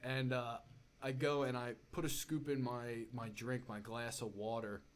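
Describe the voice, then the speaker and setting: A man's voice: medium pitch, level tone, unhurried. A young man on a podcast, telling a story in casual chat, with lots of fillers and "dude", building up as he goes. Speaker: podcast guest.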